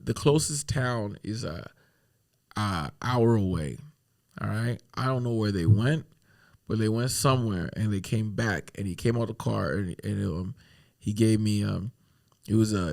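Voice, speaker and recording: A man's voice: lowish voice, gravelly. Laughing man telling a wild story. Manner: animated, laughs through his own story; swears freely. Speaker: podcast guest. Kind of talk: casual storytelling.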